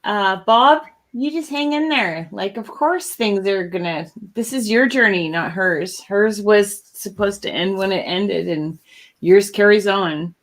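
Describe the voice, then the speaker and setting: A woman co-hosting a casual talk show, chatting in an animated, goofy way. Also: medium pitch, unhurried. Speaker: co-host. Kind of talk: casual chat.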